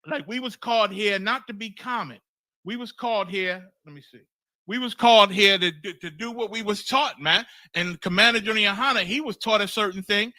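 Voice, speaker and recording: Swearing freely and repeating phrases to drive points home, this man teaches scripture in a blunt, emphatic, sermon-like style, keeps checking "you understand?". The dry recording catches his high, bright, forceful voice.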